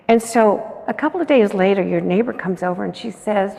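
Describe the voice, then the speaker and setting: A woman's voice: medium pitch, fairly quick, vocal fry, warm tone. A woman giving a motivational conference talk, earnest and coaxing, often putting questions to the audience. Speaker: conference keynote speaker. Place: large conference hall. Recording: echoey conference hall.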